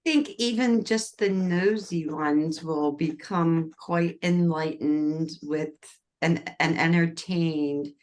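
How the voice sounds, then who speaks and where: A woman's voice: low-pitched, slow, darkish tone. A middle-aged woman hosting a podcast, chatting enthusiastically and rambling with casual swearing. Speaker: podcast host.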